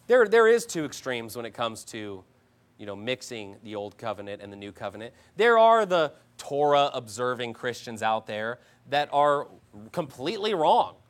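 Combative preacher man, mocking tone. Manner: combative, mocking preacher, swings between loud outbursts and low asides. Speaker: pastor. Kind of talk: sermon.

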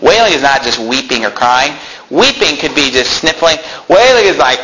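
A man preaching a sermon, reading scripture aloud and breaking into loud, emphatic lines. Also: mid-range voice, sing-song, normal speed, heavy background noise. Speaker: pastor.

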